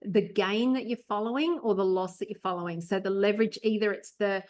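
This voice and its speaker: A woman's voice: medium pitch, brisk, darkish tone. A woman hosting a real estate podcast, giving advice in a rambling, encouraging way with many fillers. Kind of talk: casual chat.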